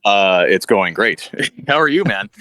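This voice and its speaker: A man's voice: fairly low pitch, animated, unhurried, pushed and bright, no echo. A man talking as a guest musician on a live stream, chuckling and self-deprecating in casual chat.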